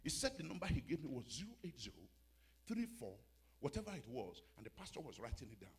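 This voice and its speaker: A man preaching a sermon, swinging between hushed storytelling and shouted exhortation. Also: mid-range voice, very animated, fast talker, slightly rough. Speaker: pastor.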